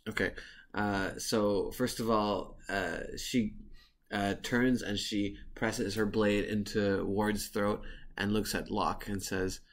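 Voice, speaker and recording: A man narrating a tabletop role-playing game as game master, halting with many fillers as he describes scenes. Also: on the low side, level tone.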